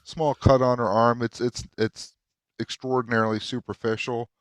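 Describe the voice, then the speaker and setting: A man narrating a tabletop game as game master, halting with many fillers. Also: medium pitch, little pitch movement, smooth, dry recording.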